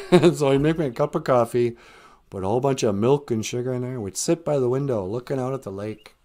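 A man's voice: medium pitch, brisk, warm tone. A middle-aged man telling a story in a casual, chatty way, chuckling often and restarting his phrases.

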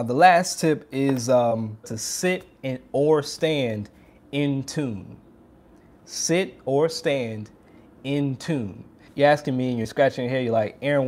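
In a medium-pitched, darkish voice, a trumpet teacher offers an informal, hands-on lesson aimed straight at his viewers. He keeps things upbeat and demonstrates through exaggerated strained voices.

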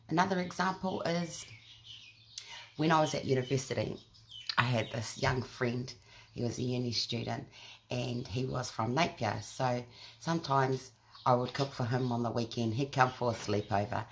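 A woman's voice: extremely low pitch, a little slow, a little hiss or hum. A middle-aged woman with a New Zealand accent, telling self-mocking stories in a chatty vlog. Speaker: vlogger. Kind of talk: casual storytelling to camera.

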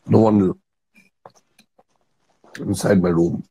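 A man's voice: deep voice, steady tone, slow, warm tone, a little hiss or hum, rough recording. A man on a video call in a casual livestream, terse and serious. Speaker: livestream guest.

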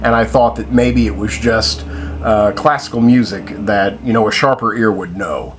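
A man's voice: fairly low pitch, moderate pace, a little hiss or hum. A man giving a casual spoken film review, hesitant and full of fillers and restarts.

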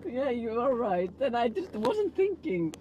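A woman from Iceland in a private argument, speaking in a halting, hesitant, pleading way. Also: on the high side, very animated, dark tone, muffled recording, a little hiss or hum.

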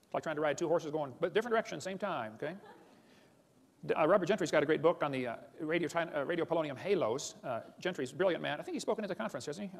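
Fast, mocking man lecturing in a hall. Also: a little high. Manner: mocking, blunt, repeatedly calls ideas stupid; rapid-fire, addresses audience as boys and girls. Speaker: creationist lecturer. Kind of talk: seminar lecture to an audience.

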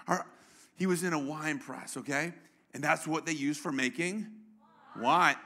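Male pastor, high bright voice, playful preaching that draws the congregation in. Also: unhurried. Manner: playful, engages congregation with questions. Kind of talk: sermon. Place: church.

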